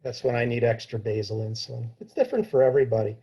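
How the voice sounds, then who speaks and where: A man answering questions as a diabetes educator on a video call, explaining in a measured way. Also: medium pitch, steady tone, warm tone, breathy edge, low-quality recording. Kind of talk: informal Q&A talk.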